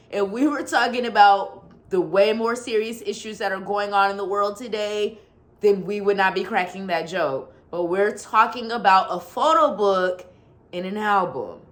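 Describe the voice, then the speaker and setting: A woman's voice: medium pitch, a bit bright. A woman talking casually to her viewers in an unboxing vlog, sassy and teasing, often laughing and calling them sweetie. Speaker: YouTuber.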